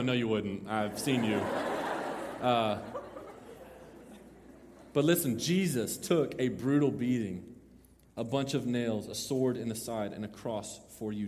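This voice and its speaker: A young man preaching to a roomful of listeners, swinging between loud, slow emphasis and quiet joking asides. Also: mid-range voice. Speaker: pastor. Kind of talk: sermon. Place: large room with an audience. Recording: long hall reverb.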